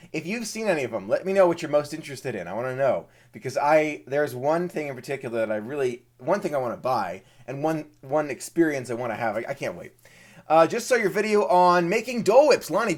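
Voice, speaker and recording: An eager man chatting casually on a live stream, often doubling up his words as he greets viewers. His voice sits a little high for a man. He is a host from Maryland.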